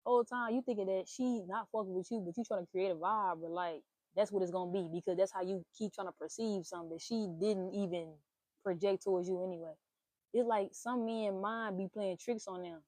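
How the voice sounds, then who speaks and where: A young woman hosting a casual talk stream, giving blunt, profane relationship advice in an animated rant. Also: mid-range voice, a little fast, no echo. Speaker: host.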